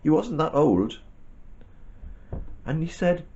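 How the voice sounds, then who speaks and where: A man telling a Bible story to a child in a gentle, animated way with chatty asides. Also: on the high side, slow, pauses often, dull audio.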